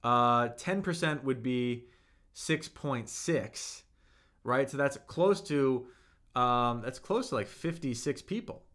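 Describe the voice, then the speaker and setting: In a Mandarin lesson streamed live, a young man responds to chat comments and coaches with pumped-up energy. He speaks slowly, at a medium pitch, with a fairly bright tone.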